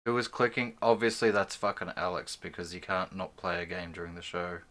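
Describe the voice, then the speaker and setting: A man's voice: sits low, a little fast, fairly bright tone. A man hosting a casual chat show, joking, boasting and swearing freely. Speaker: podcast host.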